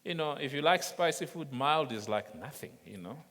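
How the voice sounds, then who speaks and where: A man's voice: on the high side, animated, moderate pace, a bit bright. A man preaching a sermon, telling humorous stories and chuckling as he goes. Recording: long reverb of a large hall.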